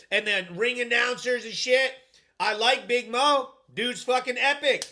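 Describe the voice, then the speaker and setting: A young man hosts a live stream and rants hard, swearing constantly as he tears into a promotion and reads out his chat. His voice sits high and comes out bright and sharp. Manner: profane, heated ranting. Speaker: host. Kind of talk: livestream rant reacting to chat.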